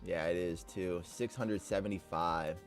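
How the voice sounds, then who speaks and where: Guy live streaming his trades, yells at the chart then mutters, swears a lot, reads chat, soft music behind. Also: deep voice, measured pace.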